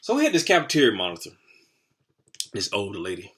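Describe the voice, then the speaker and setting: A man's voice: lowish voice, fast talker, slightly rough. A man in his forties telling a comic story from his childhood, rambling and heavy on the swearing. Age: 40s. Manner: profane, rambling, animated.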